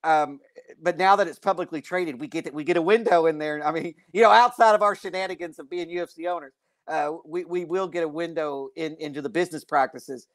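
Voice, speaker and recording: Guy co-hosting a podcast, kinda high voice, jokey and excitable. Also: brisk, no echo. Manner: excitable, laughing, riffing on jokes. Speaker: co-host. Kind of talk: casual podcast banter.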